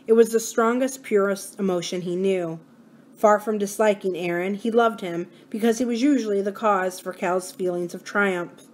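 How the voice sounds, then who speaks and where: A woman hosting a library reading series, reading a novel aloud in a steady, measured way. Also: mid-range voice. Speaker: library book-reading host.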